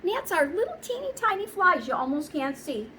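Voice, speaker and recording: Gentle sing-song woman teacher. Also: extremely high pitch, very animated, slight background noise. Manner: gentle, sing-song, slow for small children. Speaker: kindergarten teacher. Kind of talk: welcome video and read-aloud for young children.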